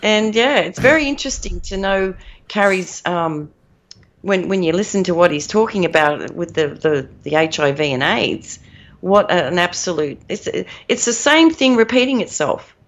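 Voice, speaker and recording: A woman's voice: lowish voice, lively intonation, moderate pace. A woman co-hosting a podcast in casual chat, rambling and emphatic, laughing at her own points. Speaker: podcast co-host. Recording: dull lo-fi audio.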